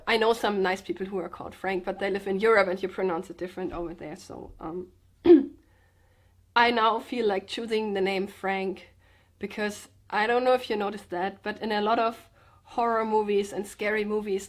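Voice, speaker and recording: A sick woman vlogger talking in a subdued, slightly sedated way, halting and restarting as she speaks from the floor at home. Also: medium pitch. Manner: halting, hesitant, with many restarts. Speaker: comedian and vlogger. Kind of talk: personal confessional vlog. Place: indoors, sitting on the floor with pillows.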